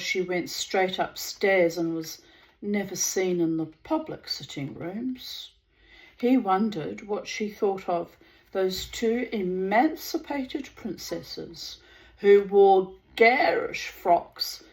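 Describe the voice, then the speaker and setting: A woman reading a story aloud in a measured way, lingering over words. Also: mid-range voice, low-quality recording. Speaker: reader of a story.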